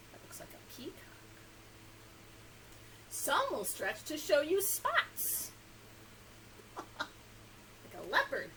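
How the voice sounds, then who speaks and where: A high, bright woman's voice reads a picture book to small children with lively swoops in pitch and an unhurried pace. She coaxes her young listeners with questions and laughs often, over a faint hiss of background noise. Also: poor audio. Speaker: children's librarian.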